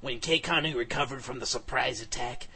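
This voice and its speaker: A man giving a flat, matter-of-fact comedic reading of a fan fiction story. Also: mid-range voice, brisk, low-quality recording. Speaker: comedic reader.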